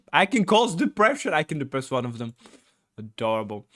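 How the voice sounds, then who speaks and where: A man's voice: a little high, big pitch swings, moderate pace, a bit bright. A man playing through a gamebook, reading it aloud with rambling commentary, many fillers and blurted swearing. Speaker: gamebook let's-player.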